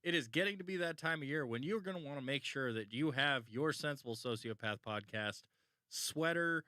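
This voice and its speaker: A man's voice: mid-range voice, normal speed, bright, forceful tone, no room sound, clean studio sound. A man co-hosting a podcast, joking around and plugging merchandise in a playful salesy way. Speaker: podcast co-host. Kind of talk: casual chat and merch plug.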